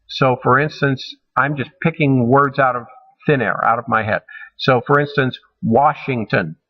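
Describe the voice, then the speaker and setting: A man teaching a recorded college humanities lecture, measured and halting, with frequent ums and restarts. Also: medium pitch, lo-fi sound.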